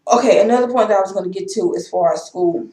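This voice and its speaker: A young woman from Texas, speaks in a personal vlog. She talks in an impassioned, frustrated way and repeats herself. Her voice has a mid pitch and sounds echoey, as if recorded in a bare room. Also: quick pace, warm tone. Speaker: vlogger. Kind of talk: emotional personal vlog rant.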